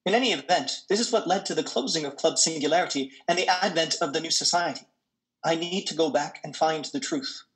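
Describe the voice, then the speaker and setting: A man's voice: a little high, fairly quick, a bit bright, natural voice, low-quality recording. An actor playing an earnest young male transhuman android, speaking in an urgent, sincere way. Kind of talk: audio drama reading.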